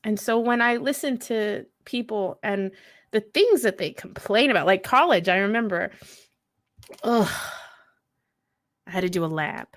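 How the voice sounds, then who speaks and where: Speaking slowly and pausing often, this mid-range female voice belongs to a veteran and mother in her thirties. She shares frank, foul-mouthed stories at a mental health event, frequently breaking into laughter. There's no room sound on the track.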